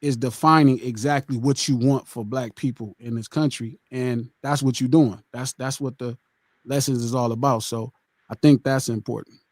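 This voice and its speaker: A man's voice: medium pitch, steady tone, normal speed, a little mellow, no echo, low-quality recording. A man on a podcast talking earnestly in casual slang. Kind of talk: casual conversation.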